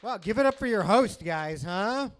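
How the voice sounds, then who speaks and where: A man's voice: high voice, expressive, moderate pace. A man from New York doing a stand-up set on a club stage, teasing the crowd in a wry way. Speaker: stand-up comedian.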